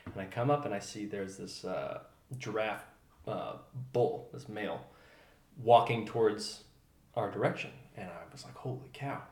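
Animated male storyteller in an echoey room. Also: fairly low pitch, measured pace. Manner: animated storyteller, fillers, trails off quietly. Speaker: podcast guest. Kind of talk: storytelling in casual chat.

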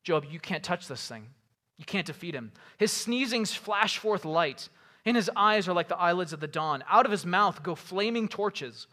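Man, pastor, sermon, high-pitched, animated scripture reading, casual asides. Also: normal speed. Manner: expository preaching, reads scripture aloud and paraphrases it casually; animated, rising emphasis on rhetorical questions.

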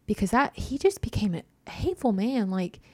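A woman's voice: mid-range voice, sing-song, moderate pace, no room sound. A young woman telling a personal story in casual chat, full of "like" and little laughs. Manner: chatty, heavy use of "like", laughs often.

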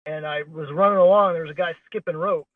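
Man, high voice, rambling wry storyteller, tinny phone-line sound. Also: fairly even intonation, quick pace. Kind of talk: casual chat.

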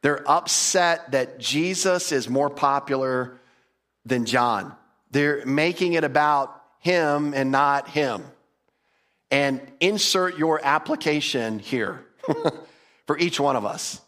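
A man's voice: mid-range voice, slow, fairly bright tone. A male pastor preaching a casual, humorous sermon, acting out little quotes as he goes. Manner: conversational, humorous, acts out quotes.

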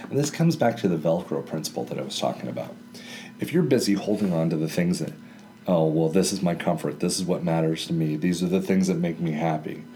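A man co-hosts a casual Bible study chat in a library, discussing scripture and explaining ideas through everyday examples. His low-pitched voice is mellow, and he speaks briskly.

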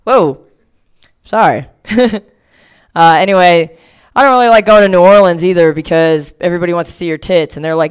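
A woman's voice: lowish voice, moderate pace, long pauses, smooth. A young woman from Delaware doing a stand-up comedy set, rambling through crude, self-deprecating stories with plenty of swearing. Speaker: stand-up comic.

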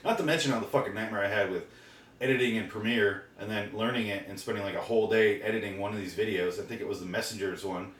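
A man's voice: lowish voice, fast talker, fairly bright tone, reverberant. A man ranting to his camera in a solo vlog, profane and exasperated. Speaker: vlogger. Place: room recorded on camera and portable recorder.

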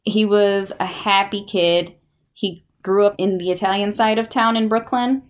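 A woman's voice: mid-range voice, steady tone, measured pace. A young woman co-hosting a casual true-crime podcast, telling the story with crude jokes and lots of swearing. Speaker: podcast co-host.

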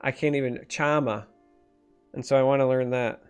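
A man's voice: medium pitch, completely flat delivery, fast talker, darkish tone, smooth, soft background music. A man from northern Michigan with a slightly nasal accent, co-hosting a casual stream chat and explaining game rules at length. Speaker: stream co-host.

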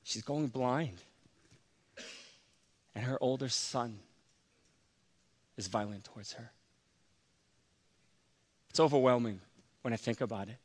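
A man's voice: mid-range voice, takes it slowly, pauses often. An earnest man preaching from the pulpit with a mid-range voice. He tells a personal story in a confessional, heartfelt way, and his emotion rises and falls as he goes. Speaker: pastor.

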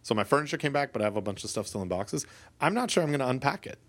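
A man's voice: mid-range voice, big pitch swings, very fast, a bit bright. A man co-hosting a podcast from his office, talking in a rambling, playful way that keeps stopping and restarting. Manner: rambling, self-interrupting, playful. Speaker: podcast co-host. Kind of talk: casual chat.

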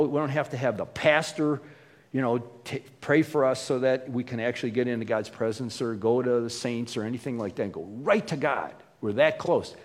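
Man preaching, husky voice, casual storytelling, long hall echo. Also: mid-range voice. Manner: conversational storytelling with fillers and restarts. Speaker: pastor. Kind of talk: sermon.

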